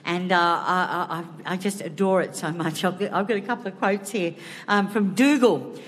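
A woman's voice: fairly low pitch, moderate pace. A woman on a stage panel who talks in a bubbly, laughing way. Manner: bubbly, laughing, quoting lines. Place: stage in a large hall. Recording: long hall reverb with faint ambience.

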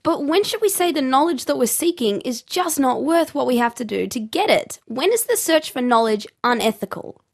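Playful woman host, gravelly edge. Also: high-pitched, lively intonation, moderate pace, hardly any pauses, no echo, studio quality. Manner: playful, teasing. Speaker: podcast host. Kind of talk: scripted podcast presenting.

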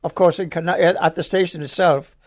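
Older Welsh man, steady explaining voice. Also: sits high. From Wales. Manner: measured, explanatory, with hesitant fillers. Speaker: interviewee, retired solar observer. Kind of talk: interview recollection.

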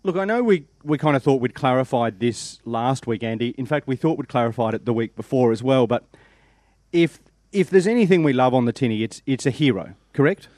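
A man's voice: mid-range voice, lively intonation, a little fast, a little mellow, no room sound, studio quality. A man co-hosting a podcast, teasing his co-host in casual banter and laughing often.

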